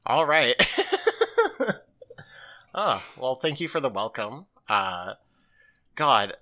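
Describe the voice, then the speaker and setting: Man, podcast host, casual recap, swears freely, lively pitch, bright tone. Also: extremely slow. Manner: loose and animated, swears freely.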